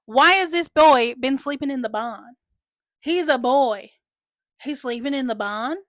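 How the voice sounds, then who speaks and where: A woman doing a loud, bossy old nanny. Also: fairly high pitch, moderate pace, no room sound, studio quality, natural voice. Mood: scolding. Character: elderly nanny, bossy and scolding.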